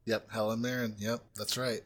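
A man's voice: on the low side, flat delivery, a bit bright. A man from the United States in casual film-review chat, swearing and often breaking off with "like". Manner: sweary, halting, lots of "like". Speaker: podcast co-host.

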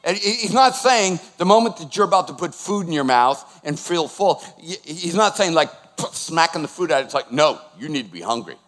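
A man in his sixties preaching with a somewhat high voice. He is animated and emphatic as a pastor. He keeps putting questions to the congregation. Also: moderate pace, few pauses, in a large hall. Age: 60s. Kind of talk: sermon.

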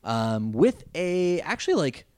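A man's voice: on the high side, big pitch swings, unhurried, clear, resonant tone, no echo, studio quality. A man recapping a cartoon episode in a rambling, jokey casual chat, full of fillers. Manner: rambling and jokey, with many fillers and mock voices. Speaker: podcast co-host recapping an anime.

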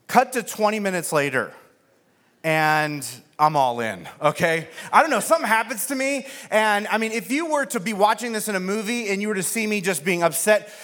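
A man with a high voice gives a sermon as pastor. He tells a comic story about himself and acts out the other people's lines along the way. His delivery is lively and self-deprecating. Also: moderate pace. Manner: animated, self-mocking, acts out quoted voices.

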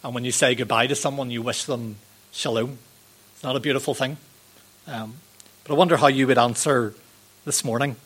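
A man, giving a sermon in a gentle, conversational way, with ums and rhetorical questions. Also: medium pitch, fairly even intonation, a little fast, pauses often, breathy edge. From Northern Ireland. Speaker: preacher.

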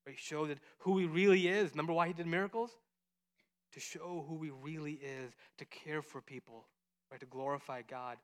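A man teaching children a Bible story, lively and full of questions to the kids, acting out the voices as he goes. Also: on the high side, normal speed. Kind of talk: animated Bible story lesson.

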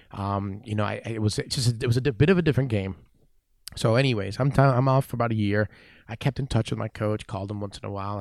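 A man's voice: lowish voice, creaky, no echo, studio quality. A man around forty, a weightlifting coach, telling a story in an interview, acting out the dialogue and often saying "man". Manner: animated storyteller, acts out dialogue, says "man" a lot.

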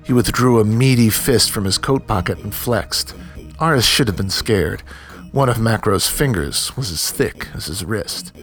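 A man narrating a gritty audiobook story in an even, measured way. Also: on the low side, soft background music.

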